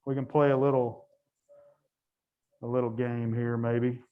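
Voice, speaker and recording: A man's voice: medium pitch, flat delivery, a little slow, clean tone, narrow, tinny audio. A man casually commenting while he watches cattle, chatty, laughing often and breaking off his sentences. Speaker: guide.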